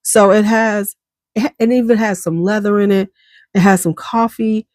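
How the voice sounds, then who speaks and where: A woman's voice: medium pitch, steady tone, normal speed, darkish tone, no echo, clean studio sound. A woman giving a casual, enthusiastic perfume review, chatty and full of slang, coughing now and then. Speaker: beauty vlogger.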